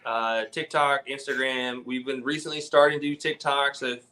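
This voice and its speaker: A young man rambles through stories as a podcast guest, filling them with "like". His voice is bright and forward at a middle pitch, loose and chatty. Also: flat delivery, moderate pace, a little hiss or hum. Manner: rambling storyteller, says "like" a lot. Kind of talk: casual chat.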